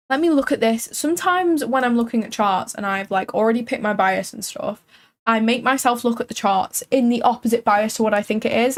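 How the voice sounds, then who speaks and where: A woman hosting a live trading stream, chatting casually and thinking aloud with frequent filler words. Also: fairly high pitch. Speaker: livestream trading host.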